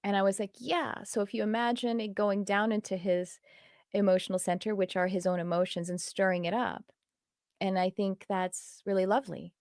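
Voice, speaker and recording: A woman's voice: mid-range voice, fairly even intonation, a little fast, darkish tone, no echo, clean studio sound. A woman spiritual teacher talking to her students in an earnest, reflective way that wanders loosely from thought to thought.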